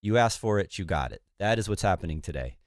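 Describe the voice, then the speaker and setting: Casting: male livestream host, lowish congested voice, laid-back and rambling, dry close mic, faint music under. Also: fast talker, dry recording. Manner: relaxed, rambling, many fillers. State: congested, recovering from illness. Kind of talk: casual livestream chat.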